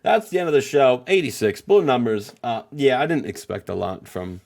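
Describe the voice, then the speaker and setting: A man's voice: mid-range voice, very animated, normal speed, gravelly, a little mellow. A man co-hosting a casual let's-play, recapping match results in an easygoing way. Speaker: co-host.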